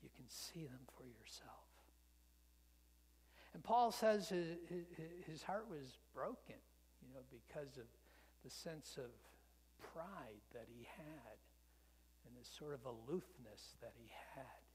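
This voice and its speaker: A man preaching a sermon, telling a story that swells loud and then drops to a whisper. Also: mid-range voice, animated, measured pace, a little hiss or hum. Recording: long hall reverb.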